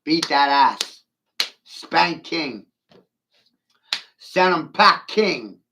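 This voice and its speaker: A man's voice: high-pitched, gravelly, pushed and bright, a little hiss or hum. A man in a rambling, taunting monologue, brash and profane, laughing at his own jokes. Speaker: vlogger ranting to camera.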